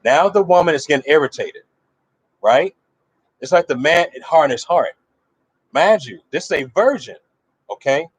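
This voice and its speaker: A man's voice: a little high, expressive, moderate pace, long pauses, breathy edge, dry recording. A male preacher giving a sermon, telling a story and putting rhetorical questions to his listeners.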